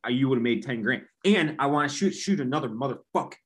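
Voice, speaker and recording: A man's voice: medium pitch, expressive, fast talker, slightly rough. A man from Chicago on a podcast, ranting casually and swearing. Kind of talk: casual profane podcast chat.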